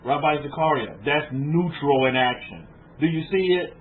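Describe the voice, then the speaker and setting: Man, fairly high voice, informal rabbi's sermon to a small room, keeps checking that listeners follow, phone-thin sound with faint hiss. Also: expressive, moderate pace. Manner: informal, rhetorical questions to listeners, repeats words. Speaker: rabbi teaching a congregation. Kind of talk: conversational sermon lecture. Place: room with a small group of about twelve. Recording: tinny phone-like lo-fi with faint noise.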